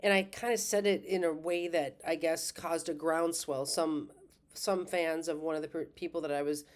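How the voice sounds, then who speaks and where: A middle-aged woman astrologer talks in a loose, rambling monologue, full of fillers, self-corrections and the odd laugh. Her voice sits a little low for a woman. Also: fairly even intonation, moderate pace. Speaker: astrologer and school host. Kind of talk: casual monologue.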